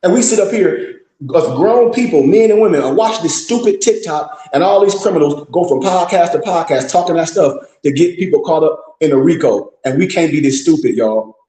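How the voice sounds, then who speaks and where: A man's voice: fairly high pitch, moderate pace, few pauses, warm tone. Blunt, scolding man lecturing in an echoey room. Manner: blunt, scolding, profane, rhetorical questions. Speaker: teacher addressing a group. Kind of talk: preaching lecture.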